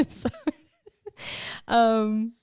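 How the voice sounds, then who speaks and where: Chatty young woman life coach, casual podcast talk, smooth voice, dry close sound. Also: fairly high pitch, monotone, extremely slow, a little mellow, dry recording. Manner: chatty and emotional, laughs often, lots of "like".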